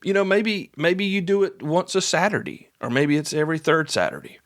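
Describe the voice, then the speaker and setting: Folksy man, slightly high voice. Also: expressive, brisk. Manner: folksy, repeats points, acts out little dialogues. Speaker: podcast host and instructor. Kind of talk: conversational instructional podcast.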